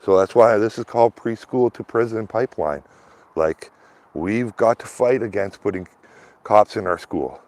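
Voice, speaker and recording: A man's voice: fairly low pitch, moderate pace, a little mellow, no room sound. A man in a rambling, casual vlog talk, full of "like" and "man", speaking outdoors while walking his dog. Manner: loose and rambling, peppered with "like" and "man". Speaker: vlogger. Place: outdoors, walking a dog through a small town.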